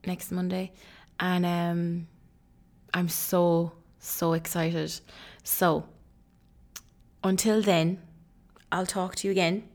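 A young woman hosting her own podcast, talking casually and gushing, with lots of fillers and exclamations. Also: mid-range voice. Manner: chatty and gushing, full of fillers and "oh my God". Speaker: podcast host. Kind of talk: casual solo podcast chat.

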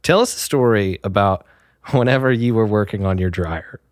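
A man's voice: on the low side, normal speed, dry recording, studio quality. A man hosting a casual chat, teasing his friend and prompting him to tell stories. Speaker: podcast host.

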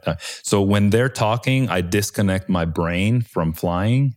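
A man's voice: on the low side, moderate pace, hardly any pauses, darkish tone. A man, a helicopter pilot, telling war stories in a laid-back, slangy way with casual swearing. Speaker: Chinook helicopter pilot, guest.

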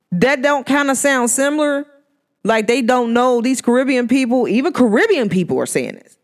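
A woman telling stories in a casual podcast monologue, speaking with slangy, animated delivery and laughing often as she acts out what people told her. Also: high voice, normal speed. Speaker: podcast host. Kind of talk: casual spiritual storytelling monologue.

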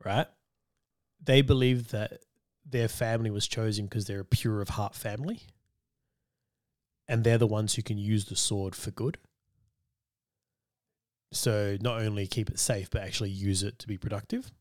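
A man with a fairly low voice, co-hosting a relaxed film podcast. He explains comic-book lore at length and laughs often. The sound is dry, with no room echo. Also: moderate pace, pauses often. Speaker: podcast co-host. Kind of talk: casual film discussion.

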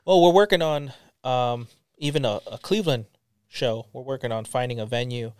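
A man's voice: mid-range voice, normal speed, smooth, dry recording, clean studio sound. A middle-aged man, a comedian guest, talking in a rambling, casual way with many ums and restarts. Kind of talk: casual interview chat.

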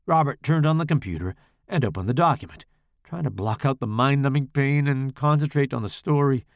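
A man reading a horror story aloud in a dramatic, expressive way. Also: mid-range voice, brisk, vocal fry, no room sound, studio quality. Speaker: author and podcast host.

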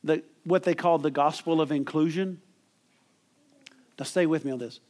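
A man's voice: on the high side, normal speed, a little mellow. A middle-aged man preaching a sermon as pastor, emphatic and calling for amens from the congregation. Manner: emphatic preaching with call-and-response.

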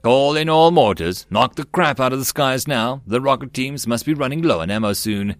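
A man's voice: mid-range voice, animated, normal speed, no echo, voice pushed up, lightly acted. A man voicing a decisive army major giving orders over the radio, in a slightly raised voice. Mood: commanding. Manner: barking orders. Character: commanding male army major, gruff and decisive.

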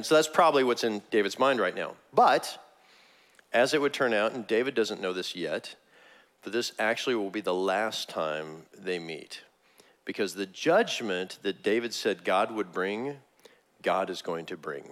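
A man preaching a sermon, retelling scripture and acting out its figures in a raised, excited voice. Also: fairly low pitch, normal speed. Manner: animated, acts out biblical figures in a raised voice. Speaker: pastor.

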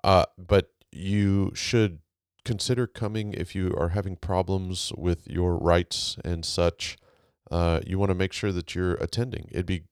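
A man's voice: low voice, clean tone, no echo, clean studio sound. A man hosting his podcast in a casual, rambling monologue, speaking. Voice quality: monotone. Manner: rambling, with many fillers and restarts. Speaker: podcast host. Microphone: home recording, laptop mic setup.

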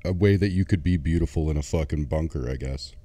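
A man's voice: rumbling low, fast talker, mellow, no room sound. A man co-hosting a casual movie podcast, talking with profane, enthusiastic energy. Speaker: podcast co-host.

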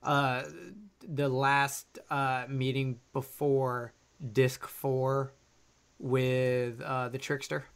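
A man's voice: medium pitch, level tone, extremely slow, clear, resonant tone. Hesitant man in casual film chat. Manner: hesitant, lots of uh and um. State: coughing now and then. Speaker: podcast co-host.

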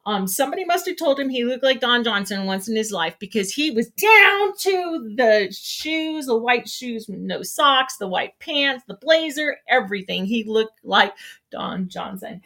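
A woman's voice: a little high, unhurried. A middle-aged woman co-hosting a morning show, chatting casually and telling stories with lots of laughter. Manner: animated storytelling, laughs often, squeals when excited. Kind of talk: casual chat.

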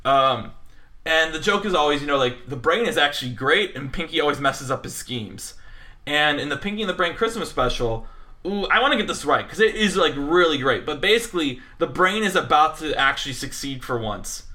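A man co-hosting a casual podcast, talking with animated enthusiasm and lots of fillers. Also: a little high, a little fast. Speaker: podcast co-host. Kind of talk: casual film podcast chat.

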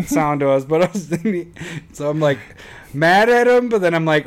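A man's voice: a little high, moderate pace. A man in his thirties co-hosting a podcast, telling a story in casual chat and laughing often. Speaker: podcast co-host.

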